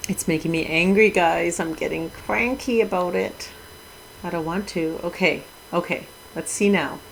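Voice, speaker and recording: A woman's voice: on the low side, moderate pace, gravelly, slight background noise, low-quality recording. A middle-aged woman streaming a video game, talking casually with her chat and exclaiming with mild minced oaths as she plays. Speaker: Twitch streamer. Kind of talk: casual gaming livestream chat.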